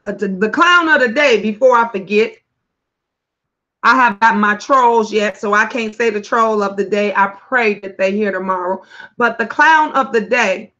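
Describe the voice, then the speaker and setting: Woman, middle-aged, AAVE, profane live-stream host, higher voice, muffled lo-fi sound. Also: sharp tone. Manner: blunt, profane, fired-up storytelling. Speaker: talk show host. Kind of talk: live-stream commentary, reading chat.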